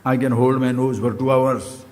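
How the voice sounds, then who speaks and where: An older man with an Indian accent giving a spiritual talk, swinging between loud animated questions and low quiet asides. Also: moderate pace, big-room sound. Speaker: spiritual teacher.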